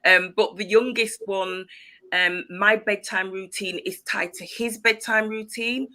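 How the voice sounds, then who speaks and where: A middle-aged woman from Leeds, speaking as a guest in a casual interview, calm and reflective, with light giggles. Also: mid-range voice, unhurried. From Leeds, West Yorkshire, England.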